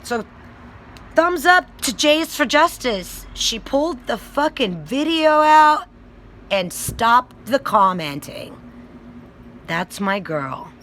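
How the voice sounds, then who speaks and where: A woman's voice: on the high side, sing-song, takes it slowly, fairly bright tone, a little hiss or hum, poor audio. A woman vlogger and self-described child advocate giving a blunt, profane, angry rant straight to her viewers. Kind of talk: ranting video commentary.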